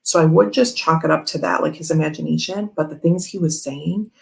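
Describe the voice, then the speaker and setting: A young woman with a lowish voice and a gravelly, fry-laden edge talks casually to her livestream viewers. She rambles through a personal story, circling back with plenty of fillers. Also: a little fast, poor audio. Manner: rambling and chatty, with many fillers. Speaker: tarot channel host.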